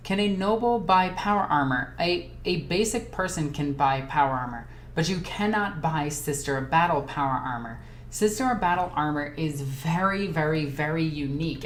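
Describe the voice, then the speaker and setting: Excitable woman streamer in an echoey room. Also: sits low. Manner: excitable and chatty, jumping between topics. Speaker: streamer hosting a live Q&A. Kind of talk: casual livestream chat, reading viewer comments aloud. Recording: echoey room with faint ambient noise.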